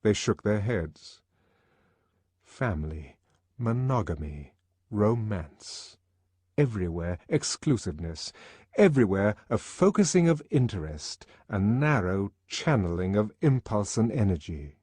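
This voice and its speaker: A man narrating an audiobook in a measured, expressive reading. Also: lowish voice, breathy edge, no room sound. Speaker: audiobook reader.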